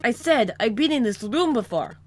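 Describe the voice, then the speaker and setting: A woman's voice: fairly high pitch, lively intonation, slight background noise, lightly acted. A woman reading as a confused amnesiac ex-cop. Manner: halting, searching for words. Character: grown man, a troubled amnesiac ex-cop. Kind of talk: reading a visual novel aloud.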